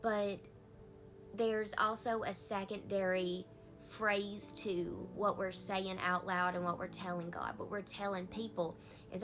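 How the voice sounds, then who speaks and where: A woman's voice: mid-range voice, measured pace, fairly bright tone, faint music behind. A woman pastor with a Southern US accent, giving a folksy, conversational devotional talk.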